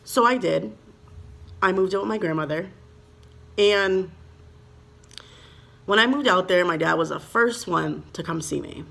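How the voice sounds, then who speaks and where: A woman's voice: fairly low pitch, a little slow, creaky, pauses often, a bit bright. A young woman from Minnesota telling a personal storytime in a casual, rambling way, full of "like" and "you know," emotional and heartfelt. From Minnesota, USA. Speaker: vlogger.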